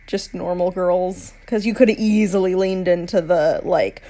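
A woman's voice: lowish voice, fairly even intonation, moderate pace, dark tone. A woman with a Midwestern American accent, co-hosting a podcast and chatting casually and talkatively. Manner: talkative, lots of likes. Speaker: podcast co-host. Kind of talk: casual chat.

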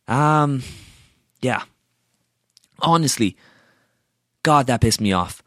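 A man's voice: medium pitch, animated, slow pace, pauses often, a bit bright, no room sound, studio quality. A young man telling a story in a casual rant, exasperated, swearing and sarcastic.

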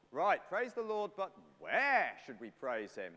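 A man's voice: high-pitched, huge pitch swings, a little slow, few pauses, pushed and bright. A man leading a playful, chatty sermon and talking with the congregation. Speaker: preacher. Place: church. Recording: long church reverb.

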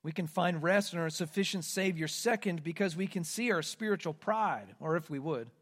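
A man preaching a sermon, swinging between loud, emphatic declarations and hushed, quiet asides. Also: on the high side, normal speed. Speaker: pastor.

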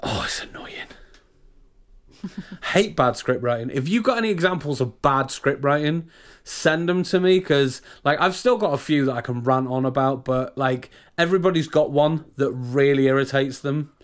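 A British man co-hosts a casual podcast, chatting and ranting with plenty of restarts. His voice sits at an ordinary middle pitch. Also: moderate pace. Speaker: podcast co-host. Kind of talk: casual chat.

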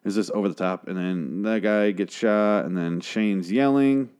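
Guy with a lowish voice talking quietly at home at night, swears a lot, casual recap. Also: normal speed, clear, resonant tone. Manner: hushed, keeping quiet late at night, swears often. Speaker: show recapper. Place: home at night, a girlfriend asleep in the next room.

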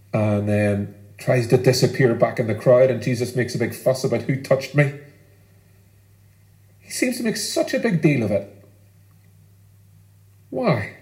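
A man preaching a sermon as pastor, earnest and emphatic, with deliberate pauses. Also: mid-range voice, a little mellow, roomy sound, low-quality recording.

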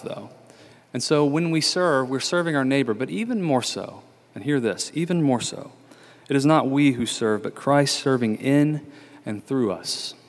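A man preaching a sermon in an earnest, measured way, repeating key phrases for emphasis. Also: mid-range voice. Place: church sanctuary. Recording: long church reverb.

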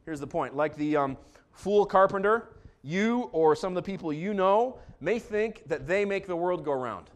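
A man preaching a sermon as pastor, joking and animated, moving between calm asides and loud bursts. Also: sits high, normal speed.

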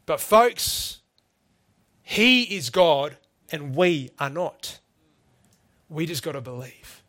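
A man's voice: a little high, big pitch swings, takes it slowly, a bit bright, no echo. A middle-aged man preaching a sermon, earnest and emphatic, often calling his listeners "folks".

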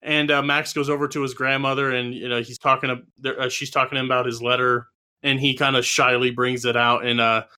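Bright-voiced man recapping a film dryly. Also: medium pitch, little pitch movement, fast, clean tone. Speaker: podcast co-host. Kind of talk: casual chat, recapping a movie from notes.

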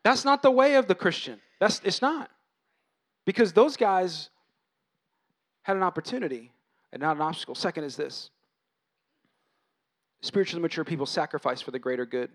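A man's voice: sits high, normal speed, pauses often. A man, a pastor, preaching a casual, conversational sermon that is full of asides, repeated words and acted-out quotes. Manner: conversational, animated, acts out quoted voices.

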